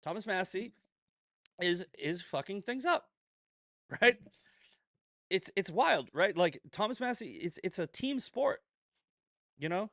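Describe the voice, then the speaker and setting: Male commentary host, foul-mouthed and combative, voice sits a bit high, dry close sound. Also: lively intonation, slow pace, pauses often, fairly bright tone, dry recording. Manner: profane, heated, combative; repeats "right?" and "okay?" often. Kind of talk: ranting solo commentary.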